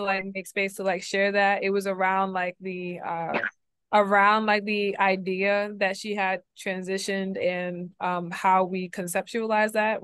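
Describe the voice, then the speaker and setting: A woman's voice: mid-range voice, a bit bright, clear, resonant tone, dry recording. A woman host asking interview questions casually, hesitant with many fillers.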